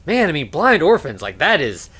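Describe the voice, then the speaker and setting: A man co-hosting a podcast, casually recapping a film with lots of fillers and quick acted-out lines. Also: on the high side, wildly swooping pitch, sharp tone, breathy edge. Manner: laid-back, many fillers, acts out lines. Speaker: podcast co-host. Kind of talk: casual movie recap chat.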